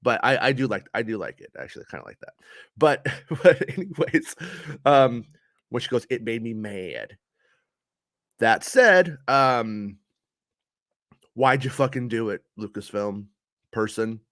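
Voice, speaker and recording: A man's voice: mid-range voice, a little slow, a bit bright, no room sound, clean studio sound. A man giving a casual spoken review of a show, frustrated and ranting, swearing often.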